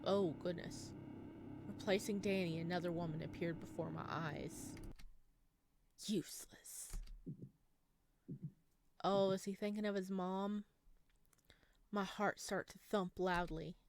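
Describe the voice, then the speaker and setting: A woman's voice: fairly low pitch, fairly even intonation, unhurried, background noise. Woman reading a visual novel aloud. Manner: reacts aloud between lines.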